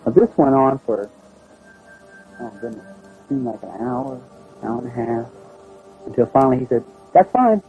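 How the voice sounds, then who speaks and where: A man telling a personal story in a plain, halting, conversational way. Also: mid-range voice, steady tone, phone-quality sound, soft background music. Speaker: storyteller recounting a personal experience. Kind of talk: first-person spoken recollection.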